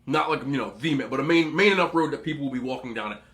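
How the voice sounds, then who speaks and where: A man's voice: medium pitch, very fast, fairly bright tone. A young man hosting an eating show, telling a rambling story casually with lots of asides and laughter. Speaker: mukbang host.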